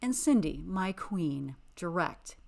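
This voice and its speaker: A woman hosting a podcast, recapping a reality TV show with sassy, exasperated, animated commentary. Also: lowish voice, slow, creaky. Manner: animated, dramatic emphasis. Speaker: podcast host.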